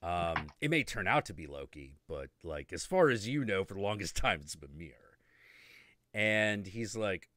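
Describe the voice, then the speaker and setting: A man's voice: deep voice, expressive, normal speed, fairly bright tone, no echo, studio quality. A man in casual chat, animatedly retelling a video game story and acting out the characters, swearing freely.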